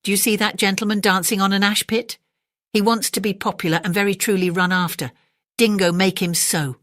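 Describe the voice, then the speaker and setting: A woman's voice: mid-range voice, steady tone, brisk, a bit bright, dry recording, studio quality, pitched above the performer's own voice, natural voice. Woman voicing a commanding big god.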